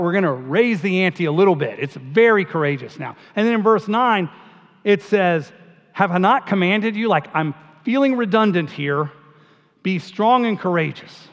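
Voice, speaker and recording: High-voiced man preaching in a hall. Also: animated, normal speed. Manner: conversational, emphatic, repeats himself. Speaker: pastor. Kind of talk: sermon. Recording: dull sound, long hall reverb.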